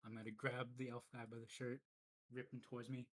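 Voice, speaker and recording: A man playing a tabletop game, describing his character's actions in a brisk, matter-of-fact way. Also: mid-range voice, level tone. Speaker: player.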